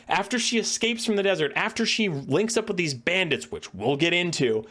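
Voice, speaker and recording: A man giving an animated, profane and sarcastic lore rant as a video creator. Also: fairly high pitch, normal speed, few pauses.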